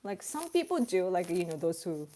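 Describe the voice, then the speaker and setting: A Japanese woman with a Japanese accent hosts a casual English livestream, reading chat and laughing often as she acts out examples. Her voice is fairly low, dark-toned, and sing-song, moving briskly.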